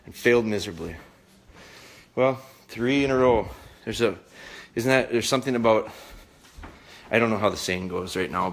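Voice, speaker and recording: A man's voice: mid-range voice, a bit bright. A man talking to viewers during a live dog training session, a bit out of breath, in a folksy, rambling way that repeats itself. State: out of breath, sweating.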